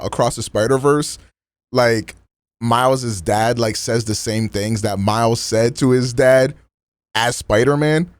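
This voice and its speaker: A man's voice: medium pitch, no echo. Slangy casual male streamer. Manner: loose and slangy, lots of "like" and restarts.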